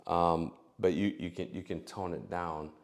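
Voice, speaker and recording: A middle-aged man with a lowish voice talks casually about dating. He rambles, stacks up fillers and restarts, and acts out both sides of imagined conversations. He is recorded on a close mic. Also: steady tone, measured pace. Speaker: dating advice vlogger. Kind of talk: casual advice monologue.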